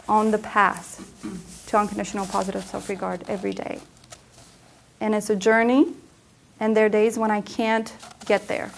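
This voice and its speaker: A woman's voice: medium pitch, gravelly, a little hiss or hum. A woman coach giving a presentation talk, telling personal stories in an earnest way. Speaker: emotional health coach. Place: center for women presentation room.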